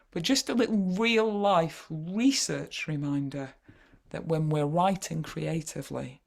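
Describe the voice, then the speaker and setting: Gravelly Yorkshire woman leading a workshop. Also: low-pitched, lively intonation, unhurried, few pauses, darkish tone. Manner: chatty, wry, frequent hesitations. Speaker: poetry workshop leader. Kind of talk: online teaching workshop.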